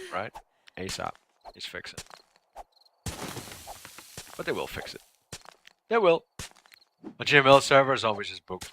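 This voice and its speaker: A man rambles through a casual let's-play livestream, his lower voice bright and very animated. He drops to muttered asides and then bursts out loud and jokey, over a faint hiss of background noise. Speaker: gaming livestreamer.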